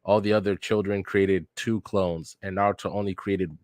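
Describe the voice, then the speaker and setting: A man's voice: sits low, steady tone, normal speed, darkish tone, no echo, clean studio sound, natural voice. A man casually reading the lines of a stern but caring male ninja teacher from a manga. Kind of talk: casual manga read-aloud.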